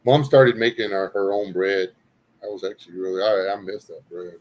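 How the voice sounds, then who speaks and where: A middle-aged Louisiana man with a Southern accent hosts a casual chat, telling rambling, folksy stories and laughing often. His voice sits low with a darkish tone at a moderate pace, and the recording is rough.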